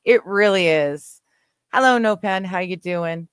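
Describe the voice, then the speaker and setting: In clean studio sound with no echo, a woman from western Canada casually hosts a livestream, reading the chat and answering viewers. Her mid-range voice is unhurried and clean, and she rambles easily and laughs often.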